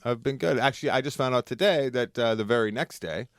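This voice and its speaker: A young man co-hosting a podcast, joking in a quick, dry way. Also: mid-range voice, no echo. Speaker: podcast co-host. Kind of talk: casual chat.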